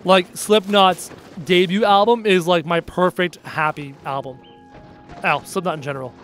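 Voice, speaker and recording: A young man with a high voice talks casually on a live stream, answering chat bluntly and hammering his points with repetition. Faint music plays quietly behind him. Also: fairly even intonation, moderate pace. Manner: blunt, emphatic, repeats phrases for punch.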